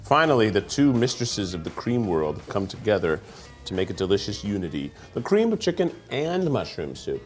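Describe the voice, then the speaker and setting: Animated jokey man tasting food. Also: on the low side, soft background music. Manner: jokey, rambling, quick to laugh. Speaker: host. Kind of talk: casual food-tasting chat. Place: studio set with food conveyor belt.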